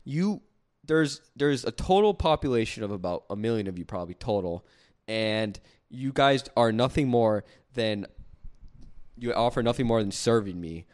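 Young new guy, ranting and cussing on a podcast, mid-pitch voice. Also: expressive, moderate pace, darkish tone. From southern New England. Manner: ranting, swearing, mock-outraged. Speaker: podcast co-host. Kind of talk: casual profane banter.

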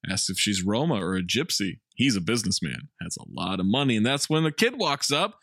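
A man's voice: fairly low pitch, brisk, no echo, studio quality. A man co-hosting a comedy podcast, recapping a film's plot in a wry, offhand way. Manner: narrates plot in a flat, wry tone with swearing. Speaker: podcast co-host recapping the movie. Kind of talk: casual comedic movie recap.

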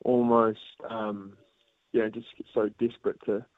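A man's voice: lowish voice, normal speed, no room sound. A man with a New Zealand accent, calling in as a guest to a radio show, chatting in an easygoing way with lots of fillers. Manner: relaxed, laughing, easygoing with filler words. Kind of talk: casual radio interview. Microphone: phone call. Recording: tinny phone line.

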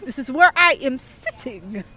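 A woman's voice: high-pitched, animated, unhurried, bright, forceful tone, exaggerated voice. A woman voicing a pushy, stubborn old woman traveler in a mock Italian accent, speaking in clipped, insistent phrases.

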